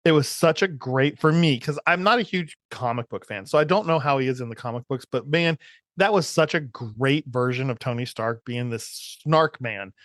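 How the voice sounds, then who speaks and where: A man's voice: medium pitch, normal speed, fairly bright tone, dry recording, clean studio sound. A man in his forties co-hosting a podcast, chatting casually and enthusiastically, rambling with restarts. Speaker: podcast co-host. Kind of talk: casual chat.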